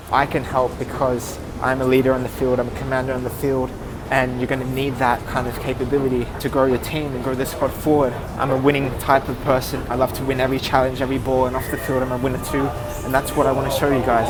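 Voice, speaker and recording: Man, 20s, from Australia, rehearsing a bold self-pitch outdoors, traffic clearly audible. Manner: confident, self-promoting. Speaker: footballer vlogger. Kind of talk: rehearsing a sales pitch to camera. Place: outdoors on a city street. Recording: street recording with traffic noise.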